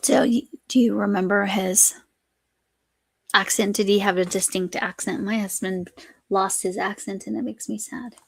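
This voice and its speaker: A woman's voice: mid-range voice, fairly even intonation, moderate pace, vocal fry, breathy edge, dry recording. A woman from the United States hosting a craft live stream, chatting casually and rambling as she works, often breaking off mid-sentence. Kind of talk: casual chat while crafting.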